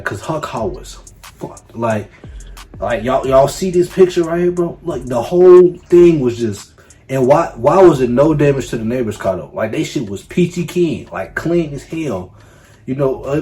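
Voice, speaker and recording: A young man telling a story on his vlog in a casual, profane, animated way, full of slang. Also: mid-range voice. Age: young adult. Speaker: YouTuber.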